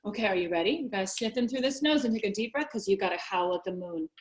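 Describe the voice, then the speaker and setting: High, lively woman leading kids yoga. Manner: playful, animated, drawn-out phrasing. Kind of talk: sing-song guided kids yoga class. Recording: echoey room, voice from a distance.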